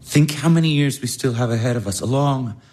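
A man's voice: mid-range voice, fairly quick, a little mellow, close to an everyday voice. An actor in his late twenties playing an earnest young baron, speaking tenderly and with longing. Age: late 20s. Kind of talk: stage drama acting.

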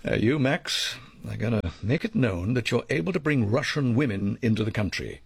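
An actor in a radio drama playing a measured, formal leader of a covert team. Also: male voice, medium pitch, lively intonation, gravelly, slightly rough, no room sound, clean studio sound.

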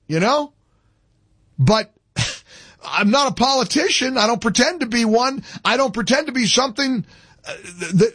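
Husky, animated talk radio host. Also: male voice, sits high, no echo. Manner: emphatic, indignant, repeats himself.

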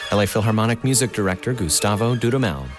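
Lively male radio reporter. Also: on the low side, fast, music in the background. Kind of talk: scripted news narration.

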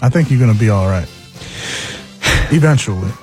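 A man's voice: lowish voice, expressive, normal speed, dark tone, soft background music. A man co-hosting a casual talk show who chimes in with short, wry quips. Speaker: co-host. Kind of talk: casual banter.

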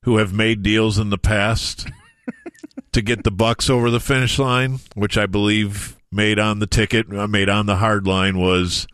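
Low-voiced wry sports radio co-host. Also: male voice, level tone, measured pace, a bit bright, clean tone, no room sound, studio quality. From Wisconsin. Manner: wry, teasing banter. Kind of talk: casual sports talk.

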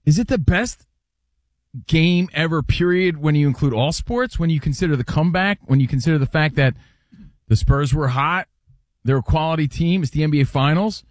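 A man co-hosting a casual sports chat, animated and teasing, getting excitable. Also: on the high side, moderate pace, no echo. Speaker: podcast co-host.

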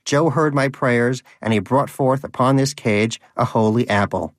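A man's voice: mid-range voice, normal speed, no echo, studio quality, close to an everyday voice. A man voicing a pious, hungry, self-righteous male pet hamster in a storybook reading, with a preachy, indignant manner.

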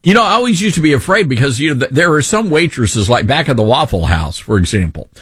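A man's voice: mid-range voice, sing-song, fast, breathy edge, no room sound. A man with a Southern accent hosting talk radio, ranting sarcastically in an opinionated way.

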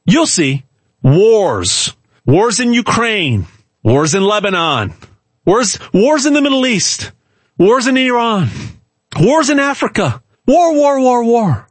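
A man giving an emphatic, hard-selling pitch straight to the viewer, repeating words and restarting often. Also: slightly rough, no echo. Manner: emphatic, repetitive, stumbles and restarts. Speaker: gold sales pitchman. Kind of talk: direct-to-camera sales pitch.

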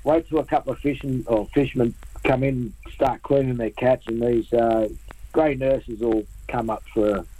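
A man with an Australian accent hosting a casual radio chat, jokey and quick to laugh. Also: medium pitch, steady tone, mellow, poor audio. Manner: chatty and jokey, laughs often. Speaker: radio host.

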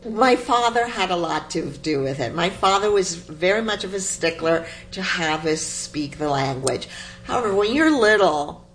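A woman's voice: fairly low pitch, normal speed, a little hiss or hum, poor audio. A woman whose family is Cuban, telling family stories in a conversational interview as a guest and acting out the voices she quotes. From United States, Cuban family. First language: English. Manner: animated, acts out quoted voices.

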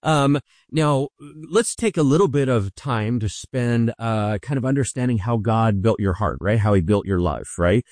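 A man's voice: mid-range voice, moderate pace, darkish tone, no echo, studio quality. A man hosting an interview, a pastor, affirming his guest and asking about his life. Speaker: host, pastor.

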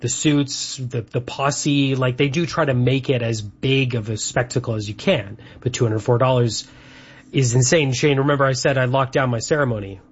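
A man's voice: medium pitch, steady tone, moderate pace, husky. A man from Canada co-hosting a show, rambling chattily through lists with lots of fillers. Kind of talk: casual chat. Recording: dull lo-fi sound.

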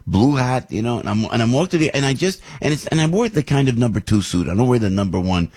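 A man's voice: medium pitch, very animated, quick pace, a little mellow, husky. An older man, host of a talk show, telling a rambling story in casual chat with many restarts and asides.

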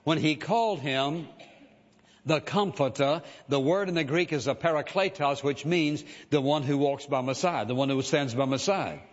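A man preaches in a plain, talky way, with many fillers and "listen" asides. His voice sits a little high for a man. The sound is dull and lo-fi, with a long echo trailing in a big hall. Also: moderate pace. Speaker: pastor. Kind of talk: sermon.

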